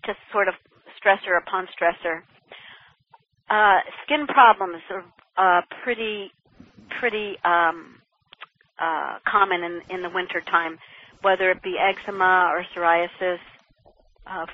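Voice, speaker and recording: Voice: medium pitch, a little slow, pauses often. Chatty practitioner on a tinny phone line. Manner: chatty, laughs often, restarts mid-sentence. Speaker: health practitioner guest. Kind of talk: casual health talk.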